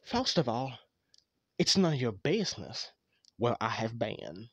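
A grumpy, arrogant rabbit animatronic, voiced by a man, snapping and brushing everyone off. The voice is husky and slightly breathy, with lively swings of pitch, and it sits dry and close with no room around it. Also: a little slow, dry recording, lo-fi sound, exaggerated voice. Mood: dismissive. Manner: rude, snappy, dismissive. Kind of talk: fan machinima voice acting.

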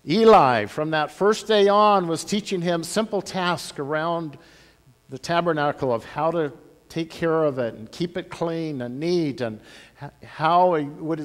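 A man pastor telling a Bible story to children in a church, animated, with big swings in loudness. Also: on the high side. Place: church sanctuary. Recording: long church-hall reverb.

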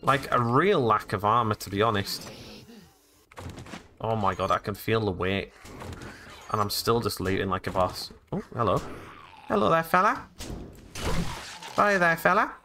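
A man's voice: lowish voice, normal speed, pauses often, pushed and bright, a little hiss or hum. A man hosting a let's play video, chatting and joking his way through a game and talking to the characters. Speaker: gaming channel host.

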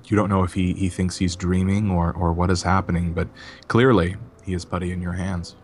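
A man's voice: sits low, little pitch movement, brisk, a little mellow, a little hiss or hum. A man narrating as game master in a tabletop game, with a descriptive, sensual style.

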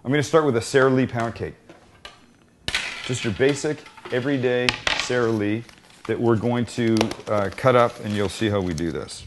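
A man's voice: medium pitch, moderate pace, background noise. Joking man cooking and chatting. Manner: joking, thinking aloud while cooking. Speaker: cooking show host. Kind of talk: casual cooking chat.

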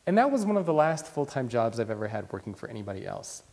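A young man, a guest in an interview, telling his own story in a lively, conversational way. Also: medium pitch, fast, gravelly. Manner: lively storyteller who acts out voices. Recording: long reverb in the room.

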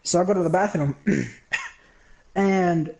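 A man's voice: high-pitched, slow pace, gravelly, rough recording. A young man casually telling a rambling story, laughing often, swearing and acting out the people he quotes. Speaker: livestream host.

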